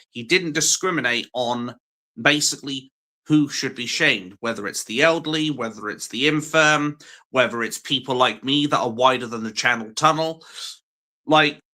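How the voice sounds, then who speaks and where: A man's voice: mid-range voice, pushed and bright. A man talking casually on a live stream in a rambling, self-deprecating, wry way.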